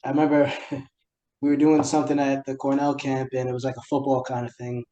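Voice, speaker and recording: A man's voice: mid-range voice, completely flat delivery, fairly quick, mellow, lo-fi sound. A young man with a New York accent hosting a casual podcast chat, easygoing, laughing often and searching for words. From New York City. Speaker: podcast host.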